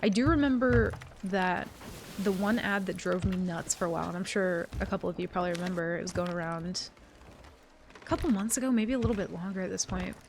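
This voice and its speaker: A young woman streamer in casual live-stream chat, rambling, swearing freely and getting animated as she talks. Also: on the low side, brisk, a little hiss or hum.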